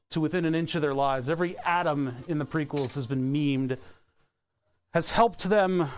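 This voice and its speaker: A man streaming from a home workbench, chatting loosely with a slightly raised voice. He talks in a sardonic, rambling way, often restarting his sentences. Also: on the high side. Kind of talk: casual rambling workshop stream. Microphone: desk webcam setup.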